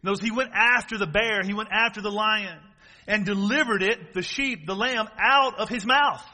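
A man preaches with a high, bright, ringing voice. He drives his points home with emphatic repetition and questions to the congregation. The sound carries a long reverb from a large hall. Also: normal speed. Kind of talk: sermon.

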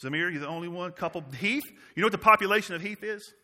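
A man's voice: high voice, fast, pushed and bright. A man from Massachusetts preaching a sermon to his church, emphatic, with his volume rising and falling. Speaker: pastor.

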